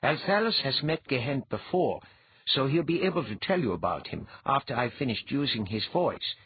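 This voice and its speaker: A man reading an audiobook, voicing a brisk, commanding female goddess who talks in a crisp, no-nonsense way. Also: medium pitch, very animated, pitched above the performer's own voice. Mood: explaining. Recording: dull lo-fi.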